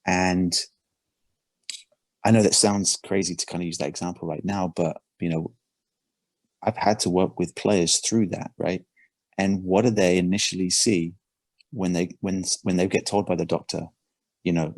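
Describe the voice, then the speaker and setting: A man's voice: low-pitched, fairly even intonation, normal speed, pauses often, darkish tone, no room sound. A man talking as a performance coach in a casual podcast conversation, earnest and full of restarts and repeated words.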